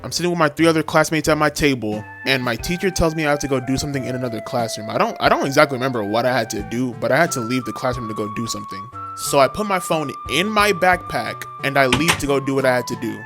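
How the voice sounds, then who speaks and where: A man's voice: medium pitch, wildly swooping pitch, fast, hardly any pauses. A young man narrating a comedic story from his school days in a casual, slangy, self-mocking way. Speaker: storytime vlogger. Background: music.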